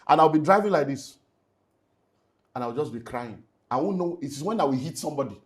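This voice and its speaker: A man's voice: fairly high pitch, a little fast. Nigerian man telling a painful story. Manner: animated storytelling, mixes in Nigerian Pidgin, swings between loud and hushed. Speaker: pastor and relationship speaker. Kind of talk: emotional personal testimony in an interview.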